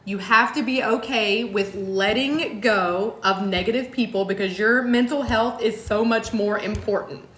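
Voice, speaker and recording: A woman's voice: medium pitch, measured pace, hardly any pauses, a bit bright. Fervent woman speaking in an echoey room. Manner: emphatic, repetitive, swears casually. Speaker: co-host of a motivational talk show. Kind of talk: heartfelt motivational chat.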